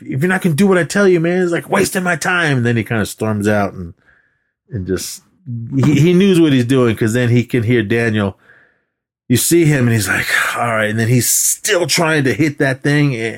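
A man casually recapping a movie on a podcast, rambling and acting out the characters' lines. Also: fairly low pitch. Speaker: podcast co-host.

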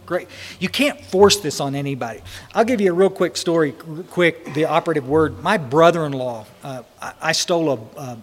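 A man's voice: on the high side, normal speed, in a large hall, slight background noise. A man answering questions at a recovery meeting, talking in an emotional, rambling, folksy way.

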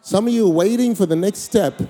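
A middle-aged Australian preacher with a high voice tells stories from the pulpit, acting out conversations and rising to shouted exhortations. His voice rings through a large hall with a long, echoing reverb. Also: a little fast. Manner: animated, acts out dialogue, shouts exhortations. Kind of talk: storytelling sermon.

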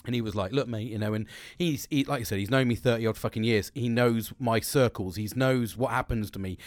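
A man's voice: mid-range voice, no echo, clean studio sound. A middle-aged man hosting a candid solo podcast, talking frankly with lots of swearing and restarts. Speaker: podcast host.

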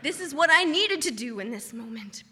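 A woman telling a funny personal story on stage in an animated, self-mocking way. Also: high-pitched, normal speed. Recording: reverberant hall.

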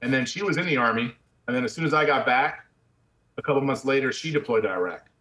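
A man's voice: mid-range voice, quick pace, bright, forceful tone. A middle-aged man, an army veteran, telling his story bluntly and conversationally in casual interview talk. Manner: blunt, conversational, drops "man" and the odd curse. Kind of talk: candid personal storytelling. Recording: roomy echo.

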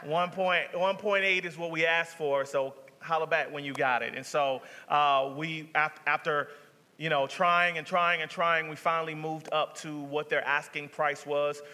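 A man's voice: a little high, steady tone, measured pace, pushed and bright. A male pastor telling a story in a sermon, talking conversationally with many restarts. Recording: reverberant sanctuary sound.

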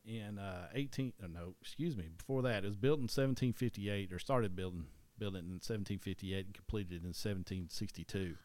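A man's voice: fairly low pitch, brisk, hardly any pauses, darkish tone, dry recording. A man from East Tennessee with a Southern accent, co-hosting a casual history chat in a rambling way, often restarting and correcting himself.

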